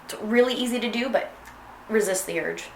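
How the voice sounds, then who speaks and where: In a music lesson, a young woman casually walks through an orchestral clarinet excerpt, singing phrases aloud to demonstrate them. Her slightly high voice is brisk with vocal fry, and loud music plays behind her in an echoey room with faint noise.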